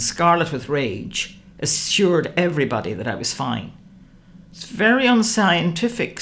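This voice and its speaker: A woman reading a first-person novel aloud, wry and expressive. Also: a bass voice. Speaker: audiobook narrator.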